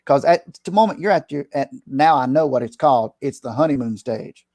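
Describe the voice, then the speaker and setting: A man's voice: mid-range voice, lively intonation, brisk, a little mellow, dry recording, clean studio sound. A middle-aged man, a preacher, talking earnestly in casual conversation, rambling with restarts and slipping into preachy advice.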